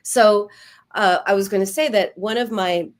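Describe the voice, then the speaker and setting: A woman therapist, a guest on an interview show, giving lively advice and acting out quoted self-talk. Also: mid-range voice, normal speed. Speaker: eating disorder therapist, guest. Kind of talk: conversational advice.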